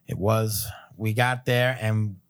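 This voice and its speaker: A man in his thirties, a podcast guest, telling a long personal story in a loose, animated way, full of fillers and little chuckles. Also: fairly low pitch, takes it slowly, clear, resonant tone. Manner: loose filler-heavy phrasing. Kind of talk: casual storytelling chat.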